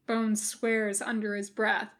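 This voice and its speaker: A woman narrating a fan fiction story aloud as a podfic reader, with measured storytelling. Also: mid-range voice, little pitch movement, a bit bright.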